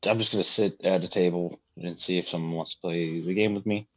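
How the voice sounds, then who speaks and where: A man's voice: low-pitched, steady tone, brisk, dull audio. A man playing in a tabletop game, talking in a laid-back way with casual slang. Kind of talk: casual in-character play.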